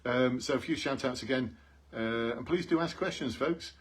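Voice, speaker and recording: A man's voice: mid-range voice, normal speed, breathy edge. A man coaching police job applicants on a live stream, earnest and repetitive, calling out to his viewers. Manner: earnest, repeats key points, calls out to viewers.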